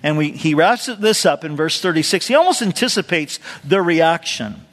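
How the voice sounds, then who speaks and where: A man's voice: fairly high pitch, lively intonation, normal speed, few pauses, fairly bright tone. A male pastor preaching a verse-by-verse sermon in a conversational way, with asides and questions to the congregation. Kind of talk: expository sermon. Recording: long hall reverb.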